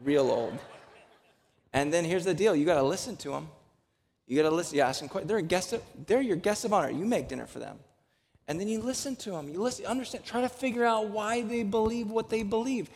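A man's voice: high-pitched, fairly quick, a little mellow. A man preaching a sermon as pastor to a congregation. He jokes in a conversational way, then presses his point with emphatic exhortation. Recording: long hall reverb.

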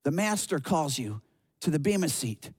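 A patient male guardian angel speaks calmly and reassuringly, voiced by a man telling a sermon story. His voice sits noticeably lower than the storyteller's usual, unhurried and soft at the edges. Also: slightly rough, in a large hall. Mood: solemn.

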